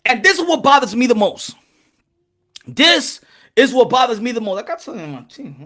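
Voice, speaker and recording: A man's voice: extremely high pitch, sing-song, a little fast, bright, forceful tone. A man hosting a casual boxing livestream, rambling and cussing, laughing and repeating himself as he talks to the chat. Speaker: boxing channel host.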